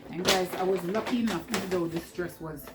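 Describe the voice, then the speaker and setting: A woman's voice: lowish voice, fast talker, background noise. A woman with a Jamaican accent talking through a clothing haul in a chatty, rambling way, laughing often, seated at home. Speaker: vlogger. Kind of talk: casual haul vlog.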